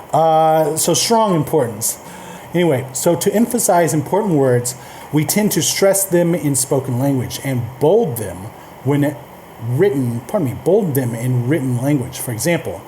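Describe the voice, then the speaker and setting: Chatty man with a mellow voice. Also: fairly high pitch, expressive, unhurried, slight background noise. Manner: loose and chatty, reads docs aloud with asides and filler. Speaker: coding tutorial host. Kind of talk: casual screen-recorded coding lesson.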